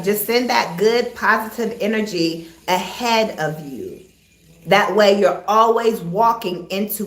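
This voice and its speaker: Encouraging woman coach, echoey room. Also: on the high side. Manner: soothing, encouraging, repeats key phrases. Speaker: spiritual life coach hosting a live meditation. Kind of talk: casual spoken live stream.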